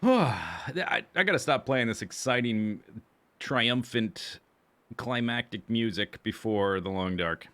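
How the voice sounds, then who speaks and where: At a measured pace, a man with a medium-pitched, pushed and bright voice streams a survival game. His casual gameplay chatter drifts through his gear and plans, with plenty of self-correction.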